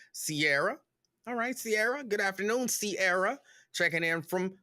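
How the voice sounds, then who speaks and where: Lively, bright-voiced man hosting. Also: sits high, a little slow, dry recording, studio quality. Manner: relaxed, chatty, repeats greetings. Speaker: livestream talk show host. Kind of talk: casual livestream greetings.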